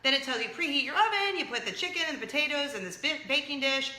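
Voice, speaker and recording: A woman in her thirties hosting a casual chat show, excitable and jumping from point to point. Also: high voice, fast, echoey room. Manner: chatty, excitable, jumps around. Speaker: show host.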